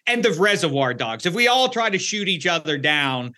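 A man hosting a sports talk show, chatting casually with animated asides and quick self-corrections. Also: fairly high pitch. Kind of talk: casual sports podcast chat.

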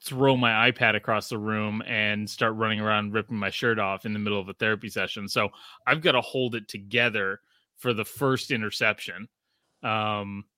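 A man from Australia chats casually as a podcast host, his voice bright and forward. He rambles with many fillers and restarts. The sound is dry and close, with no room around him. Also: lowish voice, no echo. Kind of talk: casual chat.

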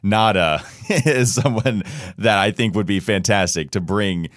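A man co-hosting a sports podcast in a studio, chatting casually with an animated, jokey, self-deprecating manner. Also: on the low side, measured pace, dry recording. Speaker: podcast co-host.

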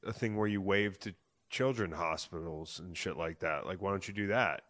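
Excitable, loud-swearing man in his thirties. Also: deep voice, normal speed. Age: 30s. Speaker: podcast host. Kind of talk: casual sports chat.

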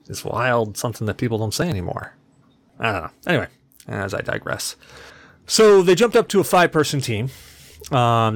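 A man hosting a podcast on his own, talking in a loose, rambling way. His voice sits a little low. He pokes fun at himself and swears without a second thought. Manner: rambling, self-deprecating, swears casually. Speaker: podcast host. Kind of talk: casual solo podcast chat.

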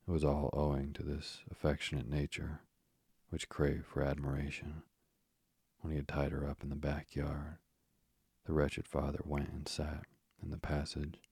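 A man reading a classic children's book aloud in a soft, soothing bedtime narration. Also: very deep voice, creaky, slightly rough, no echo, studio quality. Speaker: bedtime storyteller. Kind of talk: slow soothing sleep-story narration.

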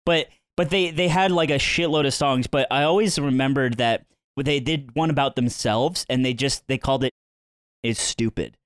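A man's voice: medium pitch, moderate pace, hardly any pauses, no echo, studio quality. A young man co-hosting a casual podcast, joking and laughing through his stories. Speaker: podcast co-host.

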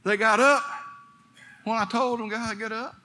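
A man's voice: sits high, fairly even intonation, normal speed, sharp tone, slight background noise. A man pastor preaching a sermon, telling a story and building to fervent exhortation.

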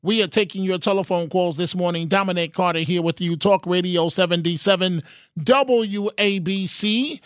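A middle-aged radio host in the studio, talking haltingly and breaking in with repeated words when callers run on. His voice is high for a man. The sound is close and dry, with no room in it. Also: no room sound. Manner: halting, many restarts, tries to cut in. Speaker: radio talk show host. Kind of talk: talk radio hosting. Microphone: studio mic.

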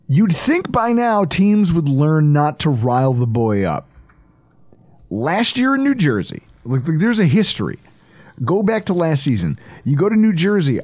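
Animated man hosting a sports podcast. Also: a little high. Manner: animated, joking, riffing and laughing. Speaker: podcast host. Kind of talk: casual sports podcast chat.

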